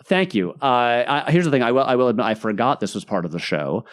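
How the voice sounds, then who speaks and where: A man chatting casually as a podcast guest over a video call, telling stories in an animated way. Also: mid-range voice, fast talker. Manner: animated, lively storytelling. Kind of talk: casual chat.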